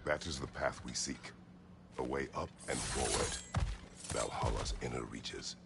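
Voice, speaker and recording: An actor playing a terse, stern warrior god in a video game, speaking in short grim phrases. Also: male voice, rumbling low, unhurried, exaggerated voice. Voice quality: gravelly, terse. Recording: noisy game audio.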